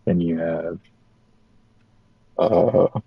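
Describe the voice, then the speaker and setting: A young man casually telling a rambling, profane story about old jobs, animated as he quotes people. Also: low voice, very slow, creaky, slightly rough, dry recording, lo-fi sound.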